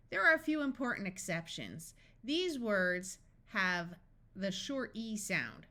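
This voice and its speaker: A woman teaching a phonics lesson, slowly sounding out letters and words one at a time with careful, deliberate delivery. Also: medium pitch, lively intonation, bright, forceful tone. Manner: slow and deliberate, stretching out each sound. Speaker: phonics tutor.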